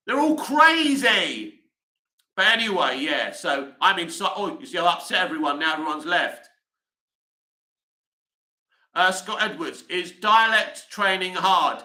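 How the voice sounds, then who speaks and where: A man's voice: high-pitched, unhurried, sharp tone, roomy sound, low-quality recording. A man hosting a casual livestream, rambling chattily with lots of "you know" fillers as he answers viewer comments. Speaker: livestream host.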